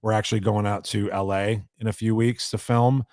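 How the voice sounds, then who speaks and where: A man's voice: on the low side, flat delivery, a little fast, a little mellow, no room sound, clean studio sound. A man hosting a live show, chatting casually, crude and joking, swearing freely. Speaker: podcast host.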